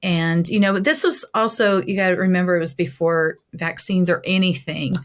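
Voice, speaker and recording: A woman's voice: on the low side, moderate pace. A middle-aged woman, a guest in an interview, telling her personal testimony in an earnest, heartfelt way.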